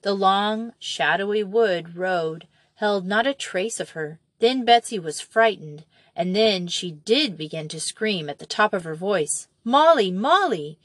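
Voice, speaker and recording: A woman reading a children's novel aloud as an audiobook narrator, in a measured and expressive way. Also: medium pitch, no room sound.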